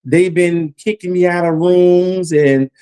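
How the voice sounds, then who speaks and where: A man's voice: sits high, fairly even intonation, slow, warm tone, clear, resonant tone. A man preaching a Bible lesson about judgment, emphatic and repetitive, his voice climbing as he warns. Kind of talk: Bible teaching sermon.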